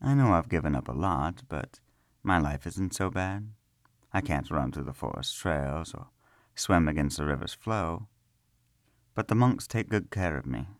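A man voicing a calm, smiling young man bound by magic to a stone floor, speaking softly and pleasantly. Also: low voice, a little slow, dry recording, studio quality. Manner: soft, pleasant and reassuring. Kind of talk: storybook character reading.

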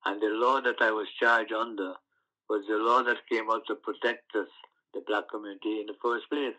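An older man from the West Indies, recalling his past in an oral history interview, telling stories with halting restarts. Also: fairly low pitch, rough recording. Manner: storytelling, animated recollections with halting restarts.

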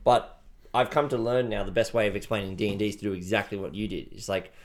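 A man co-hosting a board game podcast in a relaxed, chatty way. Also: fairly low pitch, fast talker. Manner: relaxed, chatty, many fillers. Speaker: podcast host. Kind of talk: casual chat.

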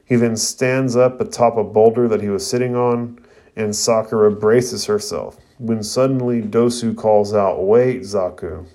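Guy recapping a cartoon episode, casual, kinda low voice. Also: steady tone, a little slow, warm tone. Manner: casual, retelling with fillers. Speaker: anime reviewer.

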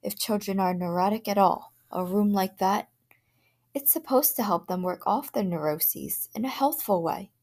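A woman voicing an anxious middle-aged father in a storybook reading, worried and firm, sometimes hushed. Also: medium pitch, normal speed, close to an everyday voice. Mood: uneasy.

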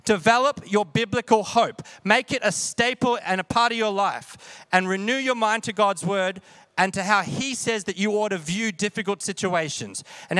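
A man with a notably high voice preaches a sermon, talking casually and often asking his listeners questions. The sound is dry and close, with no room around it. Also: fairly bright tone, dry recording. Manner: conversational, asks the audience questions. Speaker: pastor.

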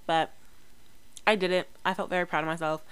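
A woman's voice: fairly low pitch, steady tone, a little fast, a bit bright, clear, resonant tone, no echo. A young woman chatting casually to her camera, rambling with many fillers and restarts. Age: young adult. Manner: chatty, rambling, lots of fillers and self-corrections. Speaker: vlogger.

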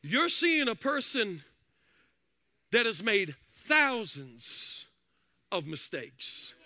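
A man preaching a fiery sermon from a church platform, shouting and half-singing his phrases. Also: high voice, sing-song, very slow, dry recording. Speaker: pastor. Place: church sanctuary.

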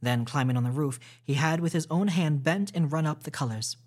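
Pitched on the high side, this man narrates a classic novel for storytime on his podcast. The reading is steady and measured, though a few small slips creep in.

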